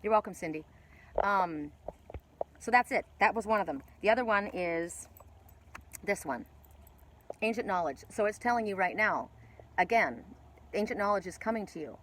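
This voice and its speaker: Woman, oracle card reader, excitable, gasping exclamations, outdoors, phone recording, faint hiss. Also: medium pitch, normal speed, long pauses. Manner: excitable, breaks into gasps and exclamations. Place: outdoors by water.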